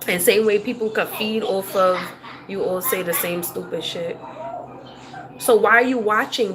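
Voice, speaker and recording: A woman talks straight to her livestream chat in a blunt, profane rant, laughing now and then. Her voice sits at an ordinary middle pitch. Steady background noise runs under her throughout.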